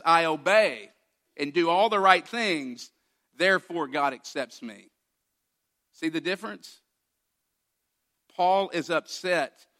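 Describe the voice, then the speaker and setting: A man's voice: on the high side, bright, forceful tone. A man preaching a sermon as pastor, emphatic and direct, guiding listeners through a passage and posing rhetorical questions.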